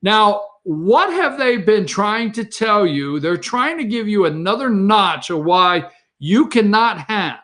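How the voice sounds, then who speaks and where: A man hosts a morning show and delivers heated political opinions in a rambling way, talking straight to his viewers. His voice sits high and jumps all over the place. It has a restless, worked-up energy. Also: lively intonation, slow pace, a bit bright.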